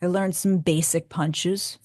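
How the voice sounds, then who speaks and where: A woman's voice: lowish voice, slow pace. A woman author, a guest on a radio show, telling a personal story casually and acting out the dialogue as she goes. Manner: animated, acts out dialogue. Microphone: studio microphone.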